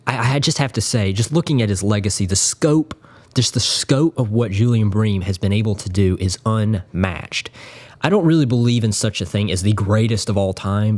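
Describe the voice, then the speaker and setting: A man's voice: fairly low pitch, darkish tone. A man speaking casually and earnestly as a guitar YouTuber, rambling in admiration. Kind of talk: casual spoken tribute.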